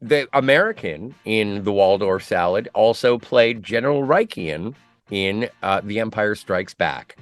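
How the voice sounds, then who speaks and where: A man's voice: fairly low pitch, expressive, measured pace, soft background music. A man who is a guest on a podcast, sharing trivia in a dry, matter-of-fact way. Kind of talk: casual film chat.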